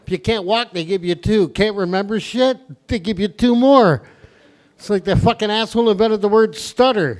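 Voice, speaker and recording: A man's voice: high-pitched, moderate pace. A middle-aged man hosting a stand-up comedy open mic, rambling and swearing as he riffs on the crowd. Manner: crude, rambling, profane banter with the crowd. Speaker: comedy host. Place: comedy venue stage before a live audience.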